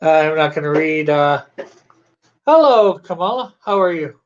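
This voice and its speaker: A man's voice: fairly high pitch, normal speed, muffled recording. A man with a Canadian accent chatting casually on a livestream while drawing, reading viewer comments aloud with frequent chuckles. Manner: laid-back, reads chat aloud, chuckles often. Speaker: comic artist streaming.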